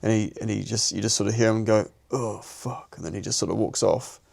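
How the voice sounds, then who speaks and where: This young New Zealand podcast co-host recounts a personal story in casual, slangy, sweary talk, restarting sentences often. He talks fast in a voice on the low side, steady in tone, darkish, with vocal fry.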